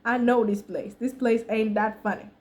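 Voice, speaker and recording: Higher-voiced woman, slangy American storytime. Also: steady tone, moderate pace, a little mellow. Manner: chatty, slangy, laughs often between sentences. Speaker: vlogger. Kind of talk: casual storytime.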